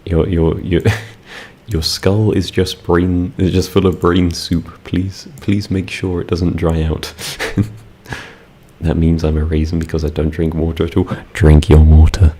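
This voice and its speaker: A man's voice: low voice, level tone, measured pace, mellow, slightly rough. A young British man chatting casually with his live-stream audience, laid-back and giggly, rambling with fillers. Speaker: ASMR streamer.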